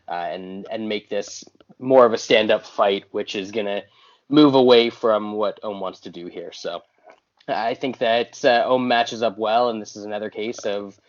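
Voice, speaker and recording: A man co-hosting a podcast, giving quick, casual fight picks and often repeating words. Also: on the low side. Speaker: podcast co-host. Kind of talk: casual betting chat. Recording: dull lo-fi audio.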